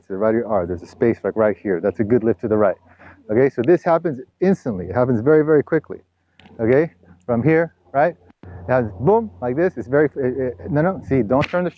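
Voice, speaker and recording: A man coaching a tennis student on a court, giving direct instructions and constantly checking in with "all right?" and "okay?", sometimes teasing his student. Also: medium pitch. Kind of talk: hands-on coaching session. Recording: dull, lo-fi camera audio.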